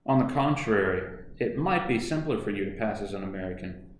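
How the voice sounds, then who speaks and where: A man voicing a smooth, scheming middle-aged businessman in a storybook reading, coaxing in manner. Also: lowish voice, lively intonation, brisk, slight background noise, close to an everyday voice. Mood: smooth persuasive. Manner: suave, coaxing, then menacing. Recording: echoey room.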